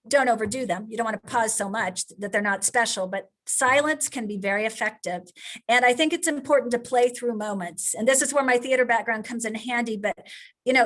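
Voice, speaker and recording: A woman's voice: a little high, a bit bright. A woman in her sixties, a drama coach giving frank, conversational advice with frequent restarts. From Kansas, USA. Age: 60s.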